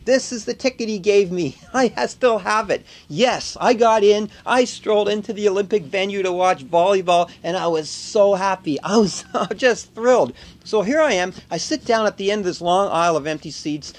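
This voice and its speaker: High-voiced chatty middle-aged Canadian man. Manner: chatty, jokey, laughs often. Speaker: video blogger. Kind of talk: casual storytelling vlog.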